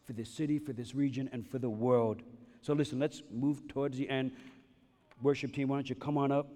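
A pastor delivering a sermon in an emphatic, repetitive preaching style, with humorous asides. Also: male voice, mid-range voice, darkish tone. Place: church sanctuary. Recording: long reverb of a large hall.

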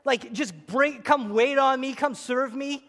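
A man's voice: very high voice, measured pace, a bit bright, full character voice. A preacher voicing a pampered upper-class woman who orders her husband around for drinks, in an echoey hall. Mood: demanding. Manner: bossy, lazy demands.

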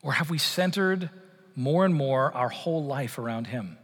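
A man's voice: mid-range voice, lively intonation, normal speed, husky, big-room sound. A middle-aged man from Canada preaching a conversational sermon to his congregation, with many fillers and restarts. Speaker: pastor. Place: church sanctuary.

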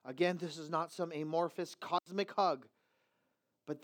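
A man preaching a sermon emphatically, moving from low, quiet stretches into loud, raised passages. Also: steady tone, measured pace.

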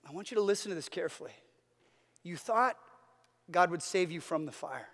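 A man's voice: high-pitched, animated, a little fast, fairly bright tone, long reverb tail. A man preaching a sermon as a pastor, earnest, with a repetitive, building cadence.

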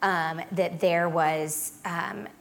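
A woman giving a personal testimony as a guest speaker, telling her story in a dramatic, animated way. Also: lowish voice, very slow, vocal fry, slight background noise.

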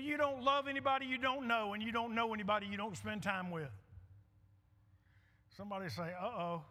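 A man's voice: sits high, bright, forceful tone. A middle-aged male pastor preaching a sermon with emphatic repetition and call-and-response. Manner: emphatic, repeats lines, call-and-response with the congregation. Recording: hall reverb.

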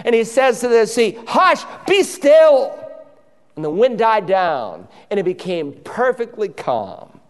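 Male pastor, high resonant voice, impassioned sermon delivery, big reverberant church. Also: big pitch swings, normal speed, few pauses, a little mellow. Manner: impassioned preaching, acting out quoted voices. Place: church sanctuary.

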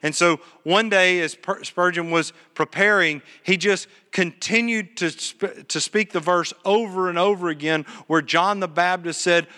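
A man's voice: high-pitched, measured pace, hardly any pauses, sharp tone, long reverb tail. A man preaching a sermon live in church, telling stories and asking his congregation questions. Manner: earnest storytelling preacher, asks the congregation questions. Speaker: pastor. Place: church sanctuary, live service. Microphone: PA microphone.

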